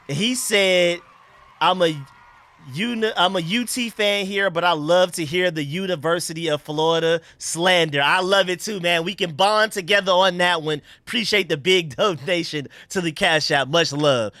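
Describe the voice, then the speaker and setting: A young man hosting a casual live stream, chatting excitedly and thanking donors. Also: a little high.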